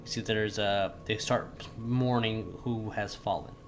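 A man narrating a tabletop game as game master, often stumbling and restarting as he speaks. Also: on the low side. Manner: halting, stammering.

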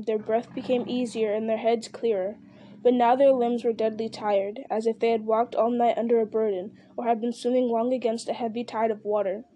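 A woman reading a fantasy novel aloud in a steady, measured voice, with the odd slip and restart. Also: a little high, dry recording. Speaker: audiobook reader. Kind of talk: storybook narration.

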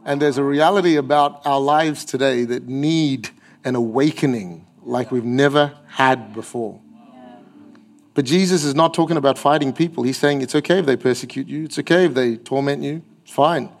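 A man's voice: mid-range voice, moderate pace, vocal fry. A man preaching a sermon in church, emphatic and acting out the voices he quotes. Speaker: pastor.

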